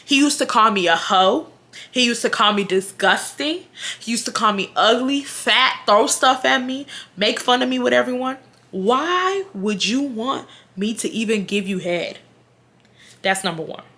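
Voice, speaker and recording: A young woman on her vlog recounts a story in a blunt, animated way, swearing freely and turning to her viewers to talk to them. Her voice sits a little high and has a bright, forceful edge. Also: measured pace. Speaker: vlogger.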